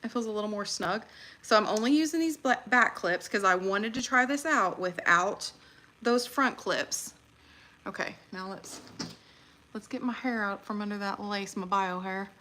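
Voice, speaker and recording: Bright-voiced excitable woman. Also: mid-range voice, normal speed, slight background noise. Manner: chatty and excitable, laughs often. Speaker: livestream host. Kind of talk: casual livestream chat.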